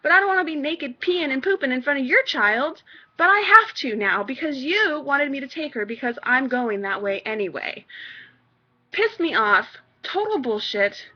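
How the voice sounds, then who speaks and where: A woman's voice: high-pitched, bright, forceful tone, dull audio. A young mother ranting on her vlog, exasperated and swearing freely. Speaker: vlogger, mother.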